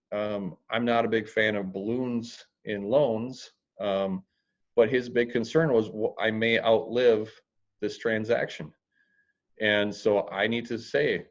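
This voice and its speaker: A man talking as a guest in an interview about real estate, plain-spoken and blunt, with dry humor and the odd crude word. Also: lowish voice. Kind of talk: podcast interview. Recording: dull lo-fi audio.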